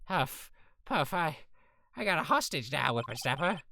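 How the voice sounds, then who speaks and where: A man's voice: fairly high pitch, very animated, normal speed, creaky, bright, forceful tone, exaggerated voice. A man voicing a cranky, breathless old woman security guard in a video game, huffing and puffing between words. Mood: gloating, winded.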